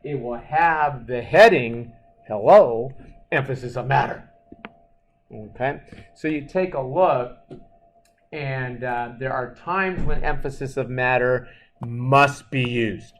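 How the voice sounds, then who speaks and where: A male lecturer in mid-range pitch talks to his class with lively emphasis, putting questions to the students and answering them himself. He sounds set back from the mic in a reverberant classroom with a faint hum of room ambience behind him. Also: takes it slowly. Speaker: accounting lecturer. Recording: echoey classroom, mic far off.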